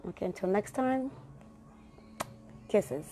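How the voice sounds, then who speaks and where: Mellow-voiced woman hosting a chatty podcast. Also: medium pitch, expressive, takes it slowly, faint music behind. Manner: chatty, affectionate, pep-talk delivery. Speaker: podcast host. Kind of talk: casual solo podcast monologue.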